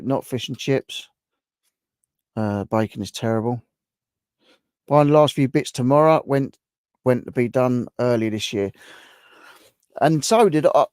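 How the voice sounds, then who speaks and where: A man hosts a relaxed live stream, answering viewers' comments one by one. His voice is gravelly and sits at an ordinary pitch. The sound is dry and close, with no room around it. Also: no echo. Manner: chatty, reacts to viewers' guesses. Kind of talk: casual chat reading out viewer comments.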